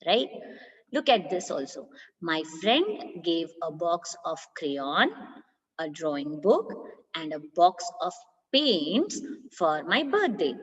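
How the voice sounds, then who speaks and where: A woman teacher with an Indian English accent explaining punctuation in a primary school grammar lesson, slow and patient, often asking if the class follows. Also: fairly low pitch. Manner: slow, patient, asks for agreement. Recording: dull lo-fi sound with long reverb.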